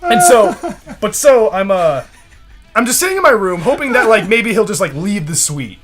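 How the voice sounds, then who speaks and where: Young male podcaster, storyteller, high and lively, does the voices, faint music underneath. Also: moderate pace. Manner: animated, acts out quotes in other voices, laughs often. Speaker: podcast co-host. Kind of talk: casual storytelling.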